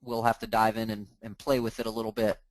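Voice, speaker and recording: A man hosting a live training, talking casually as he clicks through software on his screen and restarting words now and then. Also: on the low side, completely flat delivery, fast talker, no echo, low-quality recording. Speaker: host of a mortgage training group.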